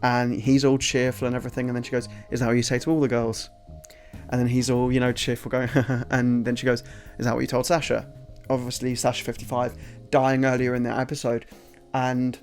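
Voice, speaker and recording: A man giving a casual, enthusiastic spoken review of a TV episode, rambling with restarts. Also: medium pitch.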